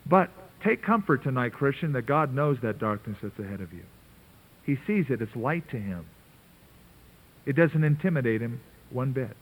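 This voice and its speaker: A man's voice: mid-range voice, lively intonation, normal speed. Tinny radio preacher, earnest man. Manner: earnest, conversational preaching with emphatic asides. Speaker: pastor. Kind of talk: sermon. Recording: tinny narrow-band radio broadcast.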